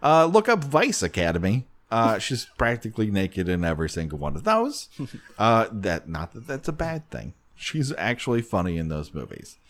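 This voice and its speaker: A man's voice: fairly low pitch, moderate pace. A man co-hosting a podcast, joking and laughing often in casual comedic chat. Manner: joking, animated, frequent laughs. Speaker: podcast host.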